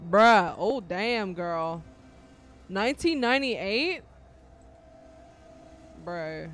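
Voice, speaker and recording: Slow, lively woman streaming a game. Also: medium pitch. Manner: slow, swearing, reactive. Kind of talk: live gameplay commentary.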